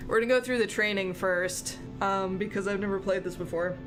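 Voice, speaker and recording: A woman hosts a live game stream in easy, casual chat, thanking and welcoming viewers. Her voice sits at a middle pitch with an upbeat, chatty manner. Loud game music plays under her talk. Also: brisk.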